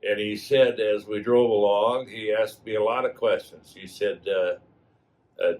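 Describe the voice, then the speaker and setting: A man in his eighties from Wisconsin, a school alumnus, telling old stories in a halting way full of fillers. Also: lowish voice, fairly even intonation, darkish tone, slight background noise, rough recording. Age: 80s. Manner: halting, many fillers and restarts. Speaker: alumnus guest. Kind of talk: reminiscing storytelling.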